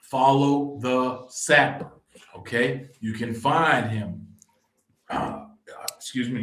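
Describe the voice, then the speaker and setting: Podcast host, man, slow and deliberate, roomy echoey sound, checks in with "okay?". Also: medium pitch. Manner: tags lines with "okay?", steady plug reading. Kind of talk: casual interview and show promo.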